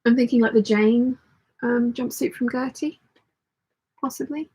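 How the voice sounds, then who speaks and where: A woman's voice: a little high, fairly even intonation, measured pace, mellow, husky, rough recording. A woman hosting a casual sewing live stream, chatting and rambling as she thinks aloud and answering viewer comments. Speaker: sewing channel host.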